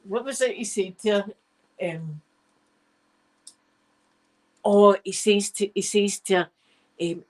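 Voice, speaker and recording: Speaking slowly and pausing often, a medium-pitched middle-aged Scottish woman hosts her live stream with a meandering, off-track yarn. The audio is poor, and she's blunt, cursing without hesitation as she casually tells her tale.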